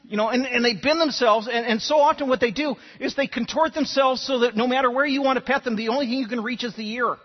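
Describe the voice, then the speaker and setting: A man's voice: very high voice, fast, hardly any pauses, long reverb tail, lo-fi sound. A man preaching a sermon, telling stories and often repeating words as he starts sentences. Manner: animated storytelling, repeats words when starting. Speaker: pastor.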